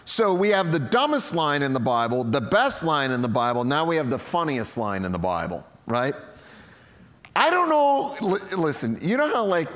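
A man's voice: mid-range voice, a bit bright. A man preaching a sermon in a jokey, conversational way, recorded in a large church hall. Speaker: pastor. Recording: long hall reverb.

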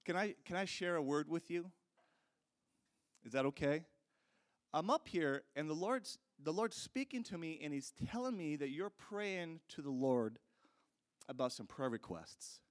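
A man's voice: on the high side, animated, a little slow. Earnest conversational male preacher. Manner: earnest, conversational, addresses the audience directly. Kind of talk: sermon with storytelling.

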